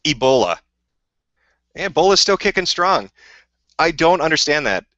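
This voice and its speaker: A man's voice: a little high, sing-song, moderate pace, bright, forceful tone, no room sound, lo-fi sound. A man hosting a livestream, ranting heatedly and swearing constantly while answering chat questions. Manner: profane, combative, heated. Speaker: livestream host.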